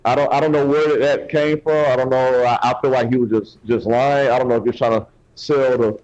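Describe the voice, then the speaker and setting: A man's voice: mid-range voice, fairly even intonation, a little fast, darkish tone. Guy stumbling over words arguing on a podcast, muffled lo-fi sound. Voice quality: hesitant, repeats words. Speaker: podcast co-host. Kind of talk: casual podcast debate. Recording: dull lo-fi sound.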